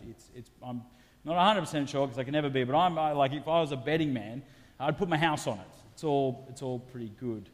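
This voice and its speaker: A man's voice: medium pitch, a little fast. Earnest man preaching in a hall. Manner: earnest, confessional, swings from loud to hushed. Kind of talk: sermon.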